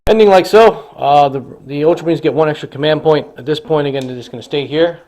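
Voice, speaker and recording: A man's voice: fairly high pitch, fast, darkish tone, slight background noise. A man casually narrating a tabletop wargame battle report, enthusiastically dramatizing the action. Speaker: hobby wargamer.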